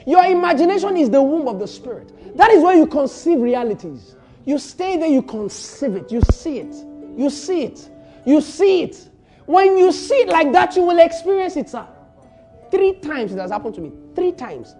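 A man with a Nigerian accent preaching a sermon as a pastor, building to shouted lines and repeating phrases for emphasis. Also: very high-pitched, big pitch swings, moderate pace, soft background music.

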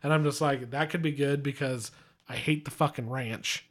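A man's voice: mid-range voice, steady tone, moderate pace. A man co-hosting a podcast, talking casually in a blunt, sardonic way and swearing often. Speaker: podcast co-host. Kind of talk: casual chat.

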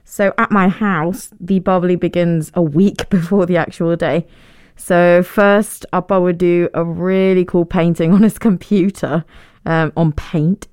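Young woman, podcast host, casual storytelling, self-deprecating, low smooth voice. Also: unhurried, darkish tone, no room sound, clean studio sound. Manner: chatty and self-deprecating, laughs often.

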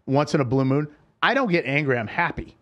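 A man's voice: a little high, expressive, a little fast, dull audio. A man hosting a casual podcast chat, telling stories animatedly with frequent stumbling restarts.

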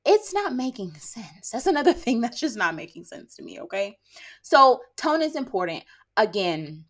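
A woman's voice: fairly high pitch, very animated. Blunt, sassy woman podcaster in her late twenties. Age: late 20s. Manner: blunt, sassy, lectures listeners with rhetorical "okay?"; sarcastic, quick bursts of laughter. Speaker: podcast host. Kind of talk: casual monologue podcast.

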